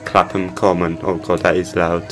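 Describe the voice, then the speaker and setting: Low-voiced guy chatting over gameplay. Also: little pitch movement, normal speed, over music. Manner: chatty, heckles the game characters. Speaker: gaming channel host. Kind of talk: casual gameplay commentary.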